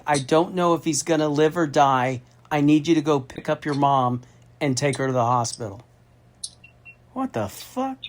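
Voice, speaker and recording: Profane, emphatic middle-aged man telling a story. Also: a little high. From Austin, Texas. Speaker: federal contracting consultant. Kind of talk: storytelling in a phone conversation.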